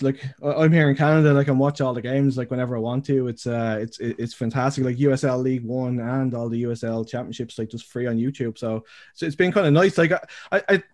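Host, male, slightly higher voice, friendly banter with stammered restarts. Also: a little mellow. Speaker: interviewer, host. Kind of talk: casual interview chat.

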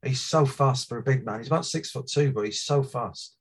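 A man calmly weighing up transfer rumours in casual chat. He speaks at a middling pitch, in a considered manner with frequent pauses. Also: husky. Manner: measured, thoughtful, lots of "um". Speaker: football podcast guest, Liverpool fan.

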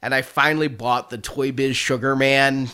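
Bright-voiced man chatting about toys. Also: mid-range voice, fairly even intonation, moderate pace, smooth. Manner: chatty, joking, laughs often. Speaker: toy collecting podcast host. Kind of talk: casual chat.

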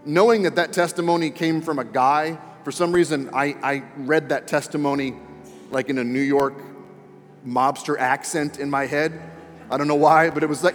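In a large church auditorium with long reverb and faint music, a pastor preaches a sermon. His voice is a little high and fairly even in intonation, at a moderate pace, and he speaks earnestly and emphatically, often repeating words for stress.

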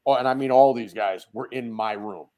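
A man guest on a casual podcast, telling a lively story, acting out the quoted dialogue and laughing along. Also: mid-range voice, brisk, over a noisy crowd. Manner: animated storyteller who acts out quoted dialogue; laughs often mid-story. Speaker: podcast guest, dent repair technician. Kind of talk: casual chat.

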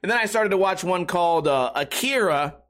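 A middle-aged man ranting on his podcast in a casual, profane, sarcastic way. His voice sits fairly high and sounds bright and forceful. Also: lively intonation, fairly quick. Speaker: podcast host.

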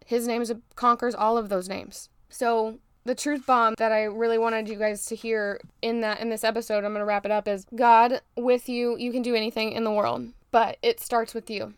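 Young woman podcast host, fired-up faith pep talk, smooth clear voice, slightly high. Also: little pitch movement, normal speed, hardly any pauses, dry recording. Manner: emphatic, preachy, fired-up encouragement.

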